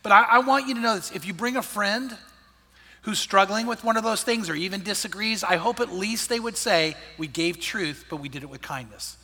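A man preaching a sermon as a pastor, talking in a conversational storytelling way with many restarts and dropping to a hushed, gentle tone at tender points. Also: high-pitched, fairly quick, husky. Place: large church auditorium. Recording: long hall reverb from a large sanctuary.

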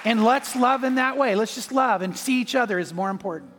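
A man's voice: very high-pitched, fairly quick, fairly bright tone, in a large hall, a faint crowd, a little hiss or hum. A man preaching a sermon as pastor, telling a personal story and acting out the voices in it. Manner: storytelling, acts out voices in anecdotes.

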